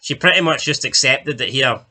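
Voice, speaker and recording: A man co-hosting a casual talk show, rambling along with fillers and the odd swear. His voice is bright and sits a little high for a man. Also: lively intonation, normal speed. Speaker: podcast co-host. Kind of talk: casual chat ranking TV deaths.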